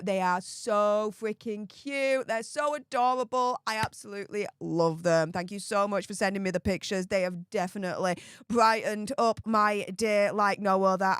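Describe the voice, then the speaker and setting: A woman's voice: mid-range voice, fairly bright tone, clean tone, no echo. Woman, live stream host, casual chatty, dry close sound. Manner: chatty, effusive thanks to viewers, many fillers.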